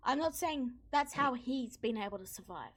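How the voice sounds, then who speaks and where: A woman with a fairly high voice narrates as game master for a tabletop role-playing game. She talks in a relaxed way, pausing with fillers.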